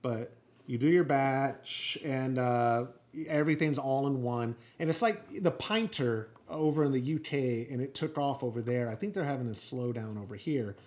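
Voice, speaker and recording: A man's voice: medium pitch, normal speed, a little mellow. A man hosting a homebrew show in casual chat, talking in a folksy, easygoing way. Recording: dull audio with faint noise.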